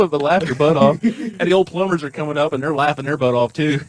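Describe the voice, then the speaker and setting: A man co-hosting a podcast who tells prank stories in a casual, animated way and laughs often. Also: a little high, fast, few pauses, rough recording. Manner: animated storyteller, acts out voices, laughs often. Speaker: podcast co-host. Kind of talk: casual storytelling chat.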